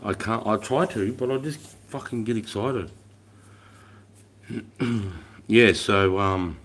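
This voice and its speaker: A middle-aged Australian man, an army veteran, chatting on a livestream and telling stories in an animated, profane way. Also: fairly low pitch. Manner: profane, animated storytelling, swears constantly. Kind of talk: casual livestream chat.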